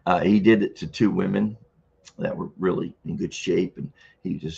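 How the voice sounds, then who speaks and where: Older male stream host, low gravelly husky voice, rambling chat with throat clearing, dull lo-fi audio. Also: flat delivery, brisk, darkish tone. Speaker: livestream host. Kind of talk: casual live-stream chat.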